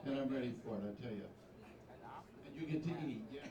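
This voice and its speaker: A man's voice: mid-range voice, brisk, lo-fi sound. A man hosting a pageant on stage, bantering and teasing the audience and contestants between questions. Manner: chatty, teasing, jokey asides to the crowd. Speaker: pageant host. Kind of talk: live stage emcee banter. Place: large hall with live audience. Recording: echoey hall, distant mic, crowd noise.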